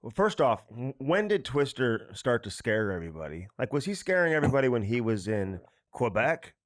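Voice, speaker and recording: A man's voice: medium pitch, very animated, fairly quick, no echo, clean studio sound. A man hosting a podcast, chatting casually and asking his guest questions. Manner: conversational, asks questions. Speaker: podcast host. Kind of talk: casual chat.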